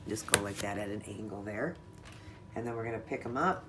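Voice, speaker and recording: A woman's voice: very deep voice, brisk, very noisy. A woman narrating a casual step-by-step nail art tutorial, chatting to viewers as she works. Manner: chatty, talks to viewers while working.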